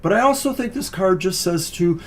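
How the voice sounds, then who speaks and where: Man, slightly high voice, tarot co-host, earnest and encouraging, casual delivery. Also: lively intonation, normal speed. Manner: earnest, encouraging, speaks with loose fillers. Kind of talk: casual live tarot reading.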